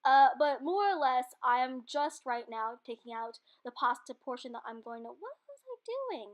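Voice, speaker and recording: A woman's voice: sits high, very animated, moderate pace. A woman giving a chatty, self-deprecating, rambling voice-over for her own cooking video, laughing often, recorded at home on a computer microphone. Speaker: cooking vlogger.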